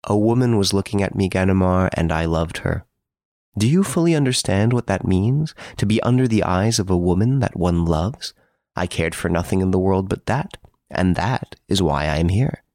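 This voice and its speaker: A man voicing a suave gentleman thief who mocks the detective from his prison cell, urbane and playfully boastful. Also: sits low, animated, moderate pace, dry recording, clean studio sound. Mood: playful, sly.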